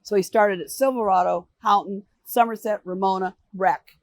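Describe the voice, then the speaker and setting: An older American woman answering interview questions, telling animated stories and acting out the voices of people she quotes. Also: medium pitch, moderate pace. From United States. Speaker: interview guest. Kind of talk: relaxed storytelling interview.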